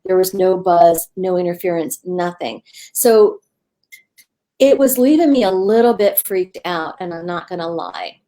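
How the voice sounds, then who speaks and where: A woman's voice: fairly low pitch, unhurried. Chatty woman telling a strange story. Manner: rambling, animated retelling with fillers. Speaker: guest medium. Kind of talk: casual storytelling in an interview.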